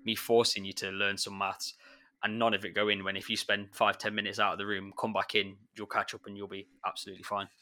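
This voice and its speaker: A man, a secondary school maths teacher, talking in a relaxed chat and acting out his pupils as he tells stories. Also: on the low side, quick pace. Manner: chatty, animated when retelling pupils. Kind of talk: casual chat.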